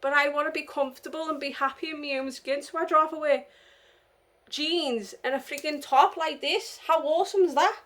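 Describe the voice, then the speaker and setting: A woman's voice: high-pitched, fairly even intonation, normal speed, a bit bright. A young woman from the UK talking in a casual vlog, rambling and indignant as she tells her story. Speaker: vlogger.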